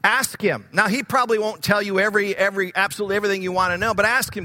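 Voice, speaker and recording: A man's voice: high-pitched, fairly even intonation, racing, hardly any pauses, bright, forceful tone, big-room sound. A man preaching a sermon, earnest and repeating key words for emphasis, growing fervent when he quotes scripture.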